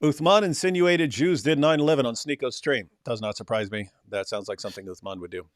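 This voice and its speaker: A man hosting a casual livestream chat, sarcastic and mocking, often trailing off quietly at the ends of lines. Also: medium pitch, brisk, no room sound, clean studio sound. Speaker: host.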